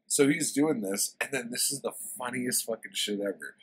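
A man's voice: medium pitch, moderate pace, hardly any pauses, breathy edge, poor audio. A man casually retelling a favorite story in a book review, rambling and swearing with lots of fillers.

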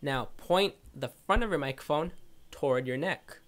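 In a casual how-to tutorial, a man speaks straight to his viewers in a chatty way, his voice fairly high and his pace moderate. He's recorded on a condenser microphone whose position varies.

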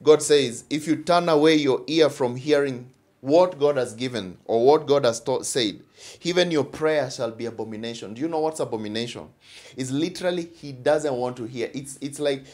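A man's voice: medium pitch, moderate pace, darkish tone. A man with a Kenyan English accent preaching a sermon, emphatic, repeating phrases and often asking "all right?".

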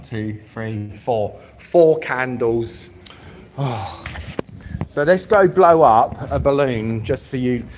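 A man's voice: mid-range voice, slight background noise. A man live-streaming from a public street, talking bluntly and swearing as he rambles through a rant.

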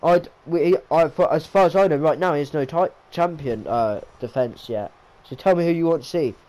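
A young man giving excitable play-by-play commentary on a wrestling video game, repeating his calls and tripping over his words. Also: a little high, normal speed, low-quality recording.

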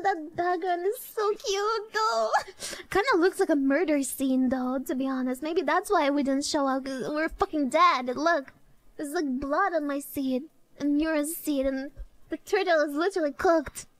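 Very high-voiced excitable young woman. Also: measured pace, no room sound. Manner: excitable, stammering, swears a lot, laughs often. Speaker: streamer. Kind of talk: casual stream reaction.

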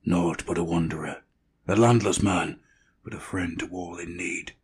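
A man voicing a stern, calm wandering swordsman who speaks softly and coldly, in an audiobook reading. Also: deep voice, normal speed, slight background noise, lightly acted. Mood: gentle. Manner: soft and soothing, then cold.

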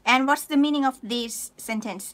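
Woman, high voice, live-stream language teacher: patient step-by-step explainer who answers the chat. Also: a little fast, fairly bright tone. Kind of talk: live online language lesson.

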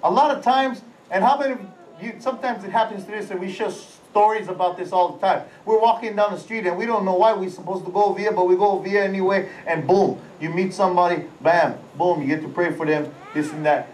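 A man, senior pastor, preaching a lively, animated live sermon. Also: high voice, fast talker, few pauses, recorded from a distance, slight background noise. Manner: lively, animated, with sound-effect words. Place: large auditorium during a church service. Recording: echoey hall, voice away from the mic, faint ambience.

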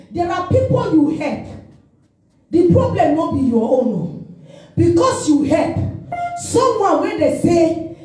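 A woman's voice: sits high, very animated, unhurried, dark tone. A woman evangelist, preaching fervently with call-and-response and chanted prayer. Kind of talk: sermon and prayer. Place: church hall. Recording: very echoey hall with music.

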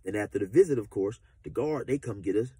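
Man, husky voice, lively pitch, laid-back slangy storytelling, dry close sound. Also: quick pace, no echo. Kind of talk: casual storytelling.

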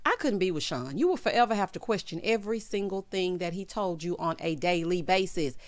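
A woman's voice: on the low side, a little fast, no echo. A woman giving a sassy, casual recap of a reality TV show, mimicking the cast as she goes. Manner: sassy, animated, mimics the cast in quoted voices.

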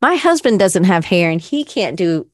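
Brief: middle-aged woman podcast host, lowish voice, casual rambling self-reflection. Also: big pitch swings, normal speed, no room sound, clean studio sound.

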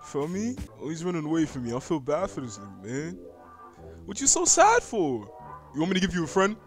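Lively high-voiced young man gaming. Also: brisk, soft background music. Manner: excitable and slangy, jumps to yelps when startled, talks to game creatures. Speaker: gaming YouTuber. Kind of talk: casual gaming commentary.

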